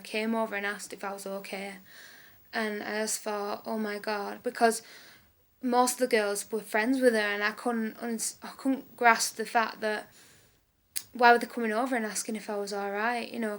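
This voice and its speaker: A woman's voice: medium pitch, a bit bright. A young woman telling a long personal story in a casual vlog, rambling and repeating herself with lots of fillers. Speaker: vlogger.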